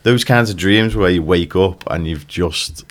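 A man's voice: sits low, measured pace. A man co-hosting a podcast, telling a dream story in casual chat and laughing through it. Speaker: podcast co-host.

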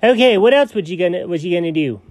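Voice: mid-range voice, expressive, fast, darkish tone, no echo, close to an everyday voice. Fussy, chatty sidekick buddy, as a performer puts him on; swoops up and down, dry close mic. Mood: playful. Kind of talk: improvised audio story.

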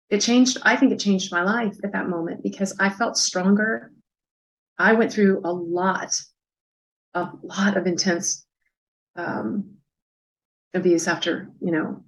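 Soft-spoken reflective woman in her fifties. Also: on the low side, low-quality recording. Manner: reflective, soft, hesitant with many fillers. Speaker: interview guest. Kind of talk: personal storytelling.

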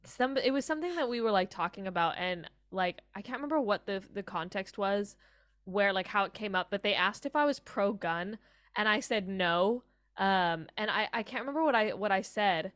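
A woman's voice: mid-range voice, moderate pace, a bit bright, no room sound, clean studio sound. A young American woman from Colorado, a music student, chatting as an interview guest, rambling with lots of "like" and acting out quoted voices. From Colorado, United States. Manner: rambling, heavy "like" fillers, acts out quoted voices. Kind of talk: casual chat.

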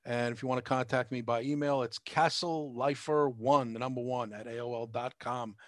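A man's voice: medium pitch, steady tone, normal speed, no echo. A man hosts a casual podcast and talks through plugs at a rambling pace, filling gaps with lots of uh's. His voice sits in an ordinary middle range. The recording is dry and close, with no room sound. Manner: chatty, rambling plugs with many fillers. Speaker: podcast host.

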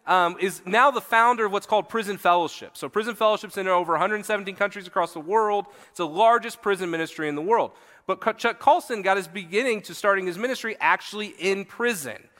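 A man's voice: sits high, a bit bright, long reverb tail. A man preaching a sermon as pastor, reading scripture aloud and explaining it in an earnest manner with occasional fillers. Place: church hall.

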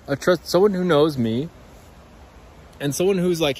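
Brisk and fairly high-pitched, a man hosts a rambling podcast monologue while walking outdoors by a creek. He swears a lot and speaks to his listeners as "guys."

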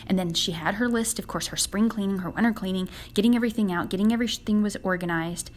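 A young woman leads an earnest devotional for a women's podcast audience. Her delivery is conversational, and her voice sits at an everyday mid pitch. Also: fast, a little hiss or hum. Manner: earnest and conversational, acts out quoted prayers. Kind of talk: casual devotional talk.

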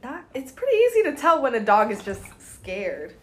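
A woman in casual chat, responding as an expressive listener. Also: a little high, normal speed, a little hiss or hum.

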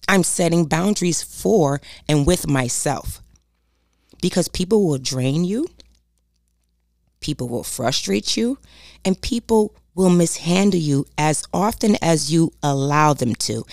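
With a low-sitting, slightly mellow voice that's animated yet unhurried, a self-help speaker urges "y'all" to set boundaries, preachy and emphatic as she repeats her key points. The sound is dry and studio quality.

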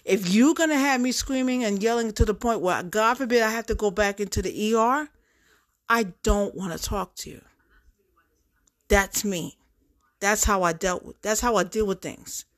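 A woman's voice: mid-range voice, normal speed. A middle-aged woman talking straight to her viewers in a casual monologue, emphatic and repeating herself for effect. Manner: emphatic, repetitive, addresses audience directly. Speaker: vlogger.

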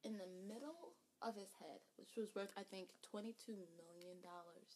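A woman's voice: medium pitch, normal speed, a little mellow. A woman co-hosting a podcast, giving blunt, opinionated, emphatic reactions in casual chat. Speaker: podcast co-host.

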